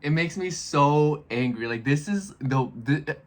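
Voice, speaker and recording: A man in his twenties chatting casually in a vlog, rambling and animated as he speaks straight to his viewers. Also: a little high, measured pace. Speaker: astrology YouTuber.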